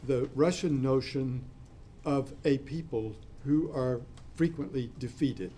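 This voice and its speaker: Mellow-voiced man giving a discursive lecture. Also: mid-range voice, slow pace, slight background noise. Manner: discursive, spells out terms letter by letter. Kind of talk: classroom lecture.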